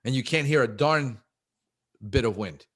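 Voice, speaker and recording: Male guest, casual and energetic, medium pitch, talks quickly in bursts. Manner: fast, animated, says "bro", acts out quotes. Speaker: guest, pest control business owner. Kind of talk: casual interview chat.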